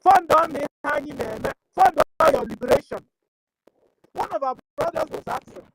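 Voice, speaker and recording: A woman's voice: sits high, animated, fairly quick, noisy background. A woman with a Nigerian accent giving impassioned commentary as an activist, pleading and firing off rhetorical questions, at times switching into prayer.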